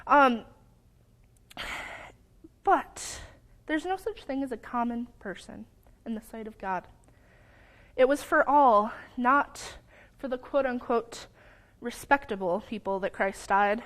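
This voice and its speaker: A young woman giving a sermon in a church, earnest, sometimes stumbling over her words and apologizing, lively when telling a story. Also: a little high, takes it slowly, pauses often. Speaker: lay preacher. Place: church sanctuary.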